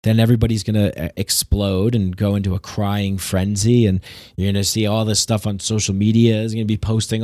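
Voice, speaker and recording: A man's voice: lowish voice, flat delivery, fairly quick, darkish tone, no echo, studio quality. A man hosting a podcast, talking alone in a long sarcastic, ranting monologue that is full of swearing. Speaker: podcast host. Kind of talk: solo monologue.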